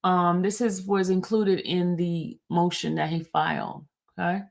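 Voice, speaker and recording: A woman's voice: lowish voice, animated, unhurried, creaky. A woman hosting a livestream recap. She reads court filings aloud, stumbling over the legal wording, and talks casually straight to her viewers in chat. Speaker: livestream host.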